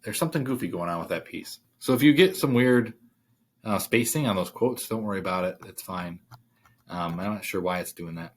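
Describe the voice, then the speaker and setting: Casual low-voiced male writing instructor. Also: brisk, a little hiss or hum. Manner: casual, thinking aloud with fillers. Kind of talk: screen-share worksheet walkthrough.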